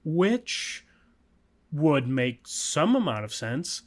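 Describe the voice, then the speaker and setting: A man's voice: a little high, big pitch swings, drawn-out words. A man co-hosting a casual podcast, telling a story in a rambling, profane way, with frequent fillers and laughs. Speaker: podcast co-host.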